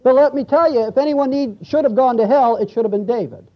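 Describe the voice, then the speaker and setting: A man with a very high voice preaches an expository sermon to his congregation, reading verses aloud and asking them questions as he goes. The church recording sounds dull and lo-fi, with little top end. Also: fast. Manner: conversational, asks the congregation questions, reads scripture aloud. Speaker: pastor.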